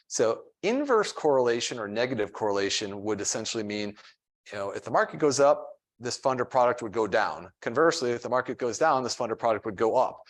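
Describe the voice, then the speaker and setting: Male presenter, mid-pitched, plain-spoken seminar explainer with casual fillers. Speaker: financial advisor presenting a fund.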